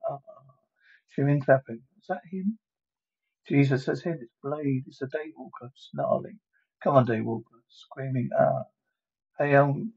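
Husky man reading a film script aloud. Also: mid-range voice, takes it slowly, muffled recording. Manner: reads every part himself, calling out sound effects aloud. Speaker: solo reader of a movie script. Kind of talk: one-man dramatic script reading with spoken sound cues.

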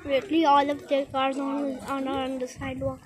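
A woman's voice: high-pitched, monotone, a little fast. A woman narrating a casual walking vlog outdoors by the sea, eagerly repeating words as she points things out to her phone camera. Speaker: vlogger. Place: outdoors by the sea and a busy street. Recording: loud outdoor noise.

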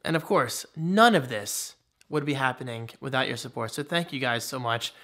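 A young man talking casually to his camera while he walks around at night, chatting to viewers and calling his dogs in a high, sing-song voice. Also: lively intonation, normal speed, sharp tone. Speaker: vlogger and streamer. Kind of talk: casual vlog talk to camera. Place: outdoors at night in a yard, then indoors at home.

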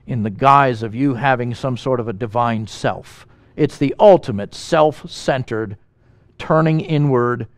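A man preaching a sermon as pastor, animated and emphatic, asking the congregation questions and making quick asides. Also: mid-range voice, dry recording.

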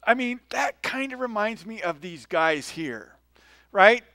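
A male pastor delivers a sermon in a friendly, storytelling way, often pausing to ask his listeners "right?" His voice sits a little high for a man. The sound is dry, with almost no room echo. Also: lively intonation, sharp tone. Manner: conversational, tells stories, often checks in with "right?". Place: church.

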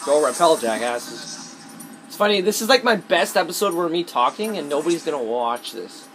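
A man's voice: on the high side, sing-song, moderate pace, soft background music. A man giving rambling, self-conscious gameplay commentary, swearing often as he plays. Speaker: let's play gamer. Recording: noisy with game audio. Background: loud gunfire and game sounds.

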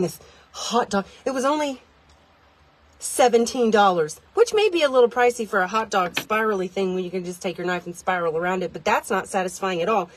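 A woman vlogging a chatty product demo from inside a tiny car, rambling, self-deprecating and easily excited. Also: mid-range voice, husky.

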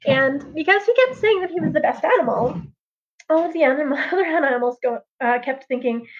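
A woman storyteller telling a traditional tale on a livestream in a lively, chatty way, with casual asides. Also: high-pitched, a little fast. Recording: dull lo-fi livestream audio.

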